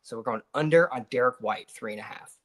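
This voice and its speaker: A man's voice: medium pitch, fairly quick, fairly bright tone, slight background noise. A man co-hosting a betting show, reasoning through his pick in a matter-of-fact way. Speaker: sports betting show co-host. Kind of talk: casual betting picks chat.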